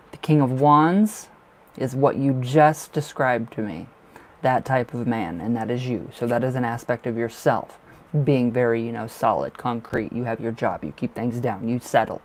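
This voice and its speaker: A man's voice: mid-range voice, a little mellow. A man giving live tarot readings on a stream, chatty and reassuring, full of fillers and emotion. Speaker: tarot reader.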